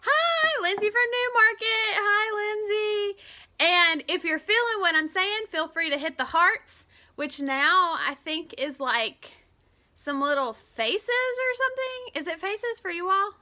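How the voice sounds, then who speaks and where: Bubbly high-voiced woman. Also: unhurried, bright, forceful tone. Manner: bubbly and chatty, greeting viewers by name. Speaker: host of a weekly live stream. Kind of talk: casual live-stream chat. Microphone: camera propped on a shoebox.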